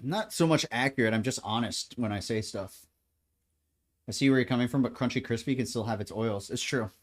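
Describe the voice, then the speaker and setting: In his home kitchen, a man chats casually as he cooks, rambling from thought to thought, joking and laughing often. His voice is middle-pitched and his delivery is brisk, relaxed and unscripted.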